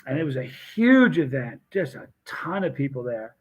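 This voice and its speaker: A man hosting a live stream, telling stories in a casual, animated way and acting out the people in them, with self-mocking humor. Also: mid-range voice, moderate pace, slightly rough, poor audio.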